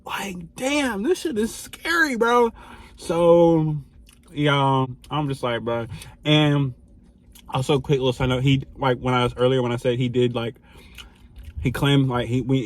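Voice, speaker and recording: A young man telling a casual storytime vlog, animated and laughing, swinging between loud outbursts and hushed asides. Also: medium pitch, moderate pace. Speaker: vlogger.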